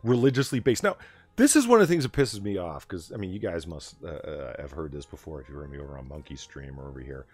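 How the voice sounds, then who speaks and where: Animated man hosting a late-night chat. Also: rumbling low, quick pace, breathy edge, no echo. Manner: animated storyteller, swears freely. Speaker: stream host.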